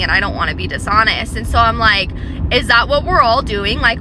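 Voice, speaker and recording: A woman vlogging from her car in traffic, venting with heavy swearing and lots of filler words. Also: on the high side. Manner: frustrated, swears often, many fillers. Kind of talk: venting rant to camera. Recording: car and traffic noise behind.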